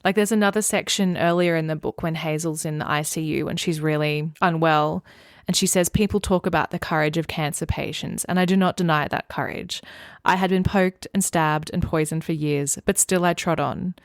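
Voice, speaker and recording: A woman's voice: low voice, steady tone, normal speed, no room sound, clean studio sound. A woman co-hosting a book podcast, talking earnestly and reading passages aloud. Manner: earnest, reads quoted passages softly. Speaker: podcast co-host. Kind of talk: casual book discussion with read-aloud passages.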